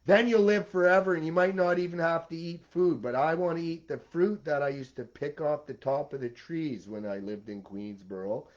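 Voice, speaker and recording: A man's voice: fairly high pitch, normal speed, hardly any pauses, highs cut off. A man delivering a rambling, intense monologue as the host of his own video series.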